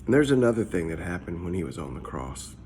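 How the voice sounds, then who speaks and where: A man's voice: low voice, sing-song, quick pace, darkish tone, slight background noise. A man, a pastor, giving a casual morning devotional in a conversational, searching way, often repeating his words. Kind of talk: short devotional talk.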